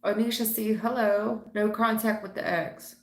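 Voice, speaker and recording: A middle-aged woman doing a live tarot reading, blunt and slangy, teasing and animated as she talks to viewers. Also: medium pitch, normal speed, reverberant. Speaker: tarot reader.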